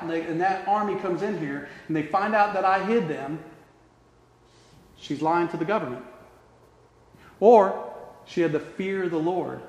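Male preacher, high-pitched, impassioned delivery that dips to near-whispers, roomy reverberant hall. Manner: passionate, swings between loud emphasis and hushed tones. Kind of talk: sermon. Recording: echoey hall.

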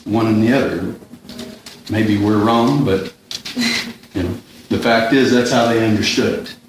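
A man leading a Bible study, explaining a passage in a thoughtful, halting way and often repeating words as he gathers his thoughts. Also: lowish voice, steady tone, background noise. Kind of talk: informal Bible study teaching. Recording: very echoey room, distant mic, faint ambience.

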